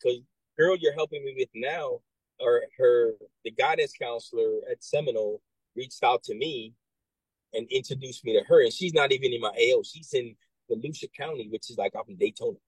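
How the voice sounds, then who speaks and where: Man, recruiter, casual talk, husky, dry, animated, restarts a lot. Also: medium pitch, a little fast, dry recording, poor audio. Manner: animated storyteller, acts out quoted voices, many restarts and "right?". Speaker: military recruiter. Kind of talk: casual conversation.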